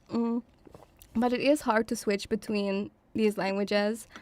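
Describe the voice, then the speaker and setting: A young woman streamer of mixed Lithuanian and Russian background, rambling casually with frequent giggles and sudden excited put-on voices. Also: mid-range voice, slow. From half Lithuanian, Russian father, raised in many countries. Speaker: VTuber streamer. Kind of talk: casual livestream chat.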